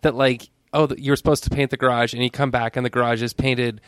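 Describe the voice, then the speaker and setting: Male co-host, easygoing recap chat with quick dry jokes, dry close-miked sound. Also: mid-range voice, smooth, dry recording. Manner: relaxed, chimes in with short agreements and dry quips. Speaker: podcast co-host. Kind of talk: casual chat recapping a TV episode.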